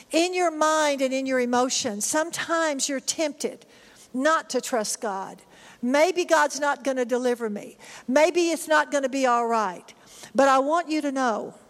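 High-voiced woman preaching in a reverberant hall. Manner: emphatic, repetitive preaching with sudden high cries. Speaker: pastor. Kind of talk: sermon.

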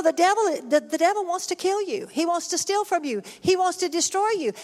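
A middle-aged woman preaching a sermon, emphatic and repetitive, sometimes crying out high. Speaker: pastor. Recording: long hall reverb.

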